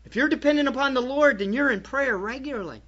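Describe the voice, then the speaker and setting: Bright-voiced preaching pastor, lo-fi. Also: male voice, extremely high pitch, fast talker. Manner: emphatic preaching with rhetorical questions. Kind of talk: sermon. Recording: dull lo-fi church recording.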